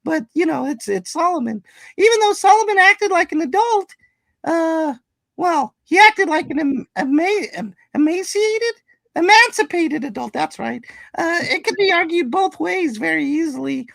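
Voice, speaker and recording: A man voicing a crude, rambling old man with a high creaky falsetto, stammering through a comedy reading. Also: lively intonation, normal speed, fairly bright tone, dry recording, full character voice.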